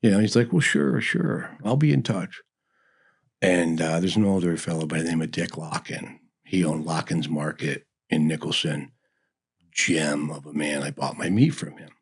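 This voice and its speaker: Middle-aged guy rambling through stories, deep gravelly-ish husky voice, lots of "you know". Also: steady tone, normal speed. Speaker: barbecue restaurant owner, guest. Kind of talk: casual interview chat.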